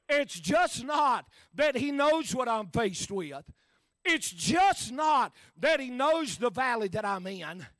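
A man preaching a sermon in a rhythmic style, dotting his phrases with "uh" and swinging between shouted peaks and hushed asides. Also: extremely high pitch, dry recording.

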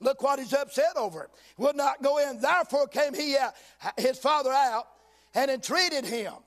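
Man, pastor, very high voice, slow scripture reading, folksy interjections, shouted emphasis, church sermon. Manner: reads scripture slowly in old King James wording, breaking off with folksy asides. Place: church sanctuary.

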